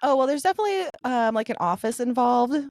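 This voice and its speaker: A woman's voice: on the high side, expressive, quick pace, vocal fry, darkish tone, no echo. A young woman co-hosting a podcast, chatting casually with playful, giggly banter. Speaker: podcast co-host. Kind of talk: casual chat.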